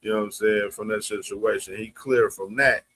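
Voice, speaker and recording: A man's voice: on the low side, fairly even intonation, normal speed, pushed and bright. A man hosting a boxing livestream, talking in loose, slangy, casual commentary. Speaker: boxing stream host.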